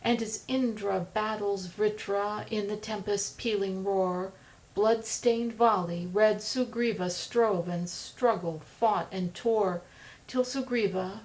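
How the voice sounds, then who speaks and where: A woman narrating an audiobook, reciting epic verse with a steady rhythm. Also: mid-range voice, takes it slowly, poor audio. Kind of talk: reading epic verse aloud.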